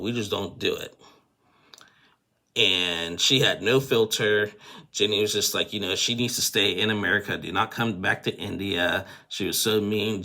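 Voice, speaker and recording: A man's voice: low-pitched, vocal fry, sharp tone. A man casually recapping a reality show episode, chatty and opinionated, with lots of fillers and restarts.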